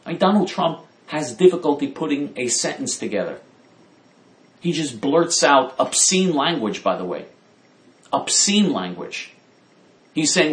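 A man's voice: fairly high pitch, big pitch swings, unhurried, pauses often, roomy sound. A man giving opinionated political commentary, indignant and emphatic, repeating his points.

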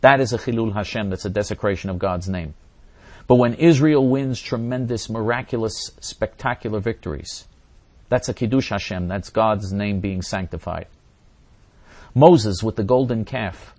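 Male religious teacher, low register, fervent delivery, dramatic quoting. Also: moderate pace, a little mellow, dry recording. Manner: intense, repeats phrases, quotes voices dramatically. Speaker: religious teacher answering viewers.

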